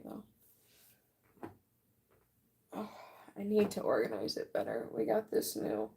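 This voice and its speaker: A woman in her late twenties chatting casually with viewers while she paints on a livestream. She is relaxed and talks at an easy pace, yawning often as she answers the chat. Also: medium pitch, vocal fry. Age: late 20s. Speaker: livestream artist. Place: art room at home.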